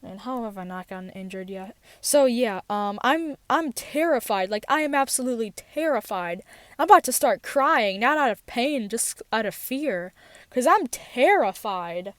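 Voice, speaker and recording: A woman's voice: on the high side, animated, moderate pace, no room sound. A teenage girl telling a personal story in a rambling, casual way, with many fillers and restarts, recorded in a parked car. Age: teens. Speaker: podcast host.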